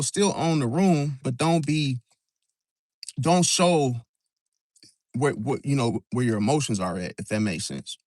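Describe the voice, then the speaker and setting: A man in a mid-range voice gives loose, motivational life advice as the host of an astrology channel. He talks casually, restarts and repeats phrases, and keeps checking in with "see?" The recording is dry, with no room echo. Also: mid-range voice. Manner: conversational, repeats words, keeps asking "see?".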